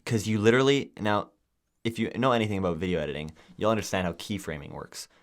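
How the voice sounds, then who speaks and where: Fairly low-pitched and quick, a young man chats casually while co-hosting a podcast. He tells his stories with animation, acting out every quote.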